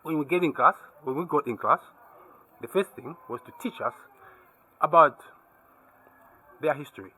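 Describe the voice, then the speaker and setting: A man talks casually to camera in his vlog, lecturing with emphasis. His voice sits a bit high and swings widely in pitch, with a slightly husky edge. He keeps asking the viewer whether they follow. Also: animated, moderate pace, long pauses, sharp tone, low-quality recording. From Zambia. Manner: keeps asking "you see what I mean?". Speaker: travel and tech vlogger.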